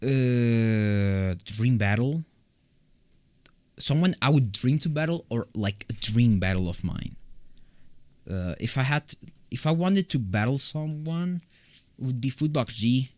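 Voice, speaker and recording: A young Colombian man answers his live-stream chat from a home recording room, his medium-pitched voice a little mellow and free of room sound. He rambles and jokes casually, with loose restarts.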